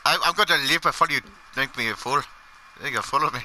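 A man playing an online game with a friend, excitable, laughing and swearing as he chats. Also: a little high, fairly quick, a little hiss or hum, low-quality recording. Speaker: gamer. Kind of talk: casual gaming chat.

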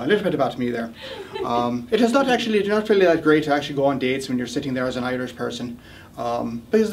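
A man's voice: on the high side, darkish tone, far from the mic. A man in his thirties with a New Jersey accent, doing a rambling, self-deprecating stand-up routine. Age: 30s. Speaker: stand-up comedian.

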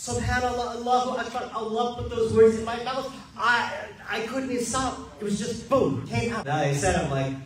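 High-voiced American man in echoey room. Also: moderate pace, hardly any pauses. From United States. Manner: animated, acts out the dialogue, laughs often. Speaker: Muslim convert sharing his story. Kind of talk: personal testimony storytelling. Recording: very echoey room, far from mic.

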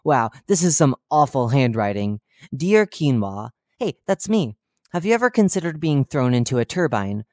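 A cheerful, oblivious male radio host, put on by a horror-story narrator, rattling off chatty broadcast patter with deadpan dark jokes. His voice sits in an ordinary middle pitch. It is recorded close and dry, with no room sound. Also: normal speed, no echo, natural voice. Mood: chipper. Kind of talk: horror fiction reading.

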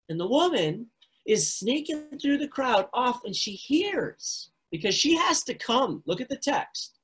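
A man preaching a sermon, retelling the story with animated storytelling and phrases repeated for emphasis. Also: extremely high pitch, moderate pace, husky. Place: recorded remotely.

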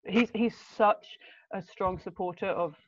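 A young woman telling stories as a podcast guest. She talks in an animated, emotional way, with big jumps in pitch. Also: unhurried, no echo. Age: young adult. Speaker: guest, documentary filmmaker. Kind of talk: conversational podcast storytelling. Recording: dull lo-fi sound.

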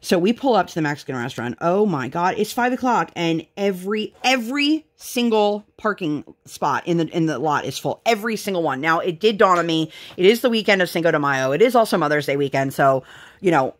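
A woman's voice: on the low side, lively intonation, fairly quick. A woman in her thirties, a mother and vlogger, chatting casually and telling rambling stories while she crafts. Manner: rambling storytelling with fillers, bright sign-off.

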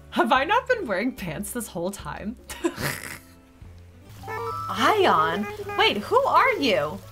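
A woman streamer giving live gameplay commentary, excitable, often gasping, squealing and swearing when something surprises her. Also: on the high side.

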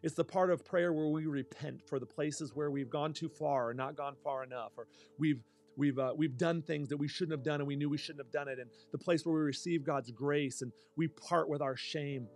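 A man's voice: fairly high pitch, steady tone, normal speed, darkish tone, faint music behind. A man preaching a sermon as a pastor, earnest, often breaking into spoken prayer, with some restarts and fillers.

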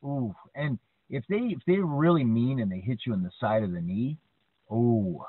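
A man's voice: medium pitch, normal speed, slightly rough, no room sound. Guy on a podcast chatting, keeps going "right?", thin phone-y sound, dry. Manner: chatty, frequent "right?" tags, animated storyteller. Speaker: podcast co-host. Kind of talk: casual storytelling chat. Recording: dry, tinny phone-like line.

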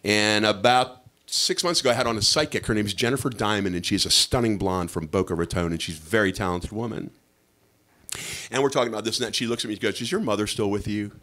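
A middle-aged man performing a chatty stand-up comedy set on a club stage. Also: fast. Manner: lively, chatty, jumps into high-pitched voices for bits.

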